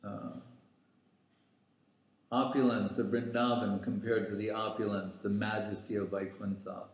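A man putting on a playful devotee with a mocking, questioning edge. The voice is slow and drawn out. It rings in a very echoey room. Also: lowish voice, little pitch movement. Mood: teasing.

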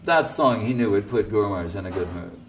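A man's voice: fairly low pitch, expressive, fast, recorded from a distance, slight background noise. A man preaching as a spiritual teacher, emphatic and storytelling. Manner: emphatic, storytelling, often laughing. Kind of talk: sermon.

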